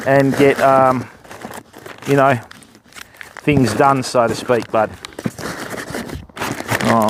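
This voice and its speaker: A man's voice: medium pitch, noisy background. Chatty Australian man fishing live. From Western Australia. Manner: matey, chatty, talks to viewers by name. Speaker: fishing livestreamer. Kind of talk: casual livestream chat. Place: riverbank outdoors.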